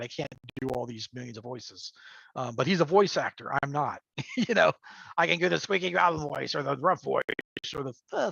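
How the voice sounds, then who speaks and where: A man with a slightly high voice chats as a game-master guest on a livestream. He rambles, stacks up fillers and chuckles between thoughts. His sound comes through a remote call mic and is muffled, lo-fi and dry. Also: vocal fry, fairly bright tone, no echo. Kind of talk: casual livestream chat. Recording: dull lo-fi call audio.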